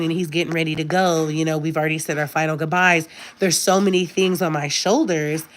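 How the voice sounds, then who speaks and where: A woman in her thirties talks straight to her live-stream viewers in a relaxed, conversational way. Her voice sits on the low side, and her tone is earnest and candid. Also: slight background noise. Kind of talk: casual live-stream chat.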